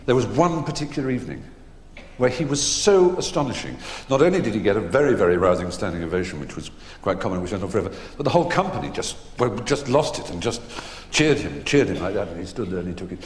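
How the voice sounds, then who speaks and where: A man telling theatre anecdotes on stage before a live audience, an unhurried raconteur who pauses with ums and restarts. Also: lowish voice, sing-song, a little hiss or hum. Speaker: stage conversation guest. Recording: echoey hall with long reverb.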